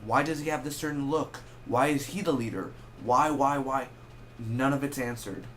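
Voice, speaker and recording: A man's voice: medium pitch, slight background noise. Rambling young man reviewing a movie. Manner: rambling, self-correcting, animated with quick asides. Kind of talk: casual spoken film review.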